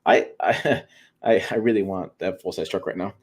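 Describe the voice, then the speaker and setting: A man's voice: low voice, normal speed, slightly rough. A man co-hosting a truck livestream, chatting casually and rambling with frequent restarts and fillers. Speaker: co-host of a truck show.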